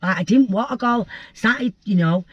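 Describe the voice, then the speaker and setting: A woman's voice: mid-range voice, moderate pace, no room sound, muffled recording. Blunt woman telling her story. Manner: blunt, vivid storytelling that acts out voices, with swearing. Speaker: guest. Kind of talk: candid storytelling interview.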